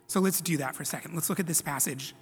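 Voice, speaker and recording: A man's voice: a little high, quick pace, husky, in a large hall, faint music behind. A man preaching a sermon to his congregation in a conversational way, with casual self-deprecating asides. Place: church sanctuary.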